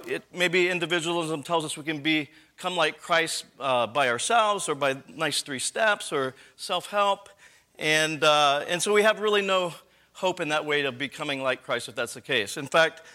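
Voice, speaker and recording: High, bright-voiced man giving a talk. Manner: conversational lecturing with rhetorical questions and frequent self-corrections. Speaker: conference speaker on church leadership. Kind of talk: live conference talk.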